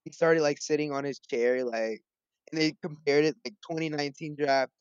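A young man co-hosting a casual sports podcast, animated and playful, laughing easily. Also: on the high side, normal speed, clean tone, no room sound, dull audio. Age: young adult. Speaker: podcast co-host.

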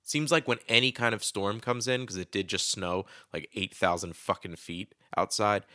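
A young man with a blocked-up nose runs his solo podcast, rambling and cursing with caffeinated energy. His slightly low voice sounds forceful and bright. The recording is dry and close, with no room sound. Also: normal speed, dry recording. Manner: rambling, profane, wired and excitable. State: stuffy with a head cold. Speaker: podcast host.

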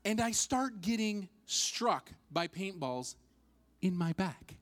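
A man's voice: sits high, expressive, slow pace, fairly bright tone. A man preaching a sermon as its pastor, telling a funny personal story with self-mocking humor and acting out what people said.

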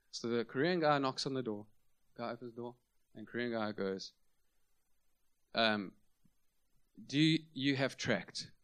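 A middle-aged man preaching a sermon in a conversational, self-deprecating storytelling manner. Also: medium pitch. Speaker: pastor.

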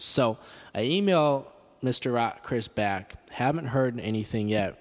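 A man hosting a comedic podcast, reading a letter aloud in a deadpan, mock-serious way with sarcastic asides. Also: lowish voice, normal speed, big-room sound. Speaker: podcast host.

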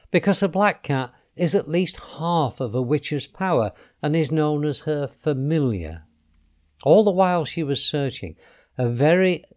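Expressive man reading a storybook. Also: medium pitch. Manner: expressive, dropping softly on speech tags.

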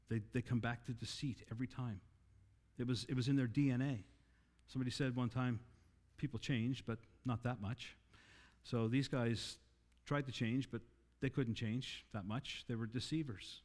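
Earnest male preacher in a reverberant hall. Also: a little mellow. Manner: earnest, rises in pitch and volume for emphasis, slows on key lines. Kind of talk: sermon.

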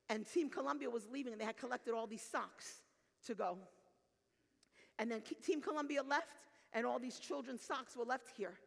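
A woman's voice: on the high side, vocal fry, big-room sound. A woman pastor preaching a sermon, telling a story and acting out the voices in it, then building to fervent calls to her listeners. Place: church sanctuary.

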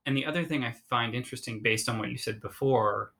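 A man's voice: medium pitch, fast, vocal fry, sharp tone. A male podcast host who talks reflectively and stops to unpack the meaning in his guest's story. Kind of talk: casual interview chat.

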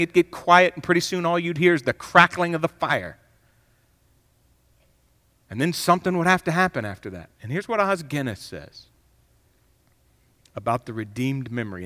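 Bright, lively male preacher in a hall. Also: a little high. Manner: swings between loud emphatic bursts and hushed reflective passages. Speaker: pastor. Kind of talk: sermon. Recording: long hall reverb.

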